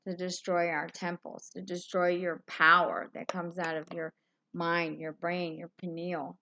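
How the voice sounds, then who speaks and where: Bright-voiced woman ranting in fury. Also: lowish voice, flat delivery, unhurried, slight background noise. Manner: furious, heavy swearing; loose, rambling delivery. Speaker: live streamer. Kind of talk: angry live-stream rant.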